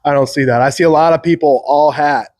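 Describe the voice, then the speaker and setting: A man in a solo commentary rambles on, stacking up fillers and breaking into short laughs. His voice sits slightly high. The recording is dry, with no room sound. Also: steady tone, brisk, a little mellow, no room sound. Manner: rambling, many "like" fillers, laughs between remarks. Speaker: channel host.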